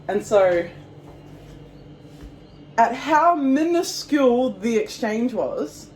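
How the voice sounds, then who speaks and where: A woman with a New Zealand accent, telling a story to camera in a casual, animated and profane way, acting out quotes. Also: a little high, a little hiss or hum, poor audio. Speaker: vlogger.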